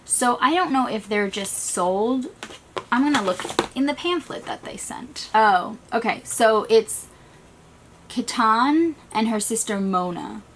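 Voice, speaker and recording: A woman chatting casually through a beauty box unboxing, talking fast and trailing off, still recovering from a migraine in a small stuffy room. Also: fairly high pitch, expressive, slight background noise. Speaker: beauty vlogger.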